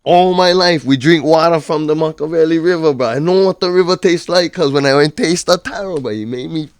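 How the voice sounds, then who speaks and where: A man's voice: fairly high pitch, normal speed, mellow, clear, resonant tone, no room sound, voice pushed up, lightly acted. A man voicing an older island restaurant owner in a Hawaiian Pidgin accent, choked up and pleading as he speaks. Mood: tearful. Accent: Hawaiian Pidgin English.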